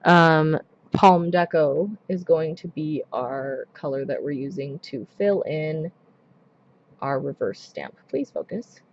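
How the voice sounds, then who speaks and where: A woman's voice: sits low, slow, dull audio, a little hiss or hum. Chatty woman rambling while doing nails. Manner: chatty, rambling, many ums and asides. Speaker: nail art streamer. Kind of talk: casual live-stream chat while working.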